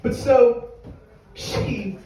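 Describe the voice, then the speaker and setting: A man's voice: very high-pitched, steady tone, very slow, dark tone. A young adult man doing stand-up comedy, telling a rambling, profane, self-mocking story to a live audience. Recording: echoey room from far off.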